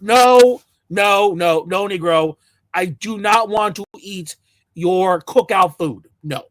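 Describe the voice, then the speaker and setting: High-voiced sarcastic man ranting. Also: slow, pauses often, fairly bright tone, no echo. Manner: sarcastic, mocking, repetitive. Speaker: commentator. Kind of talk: mocking rant to camera.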